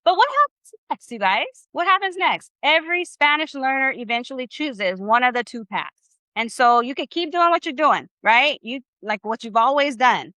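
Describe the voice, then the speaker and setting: Upbeat, bright-voiced woman teaching online. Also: high-pitched, animated, moderate pace, few pauses, dry recording. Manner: upbeat, encouraging, casual slang. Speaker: Spanish teacher. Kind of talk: live online class teaching.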